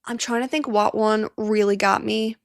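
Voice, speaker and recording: A woman hosting a casual live-stream watch party, chatting excitably and laughing often, teary and sniffly. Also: mid-range voice, moderate pace, dry recording, clean studio sound.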